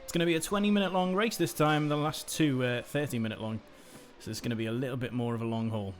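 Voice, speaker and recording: A man's voice: mid-range voice, fast talker, faint music behind. Chatty male sim-racing commentator. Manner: chatty, rambling, self-deprecating. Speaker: host commentator. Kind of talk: live esports commentary.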